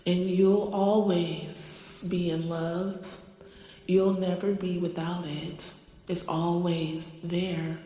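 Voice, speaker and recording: A woman in her forties channeling the goddess Isis in a slow, solemn, drawn-out voice. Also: lowish voice, mellow. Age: 40s. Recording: echoey room, long reverb, faint music.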